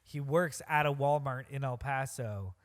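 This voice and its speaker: A man's voice: mid-range voice, measured pace. A man co-hosting a podcast, talking earnestly in a rambling casual way with restarts. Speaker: podcast co-host.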